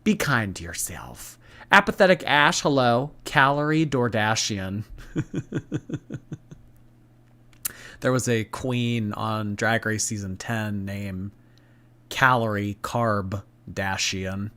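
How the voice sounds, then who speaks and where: A man runs a casual live stream, musing aloud and reading viewer messages between asides. His voice sits a little on the low side, and his talk wanders with fillers and repeats. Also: takes it slowly, pushed and bright. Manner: chatty, rambling, reads viewer messages aloud. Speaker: commentary streamer.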